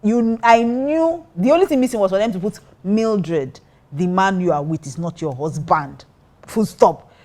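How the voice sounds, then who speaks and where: A woman's voice: mid-range voice, normal speed, darkish tone. A woman pastor telling a personal story in casual talk, acting out her own reactions. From Nigeria. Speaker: pastor and co-host.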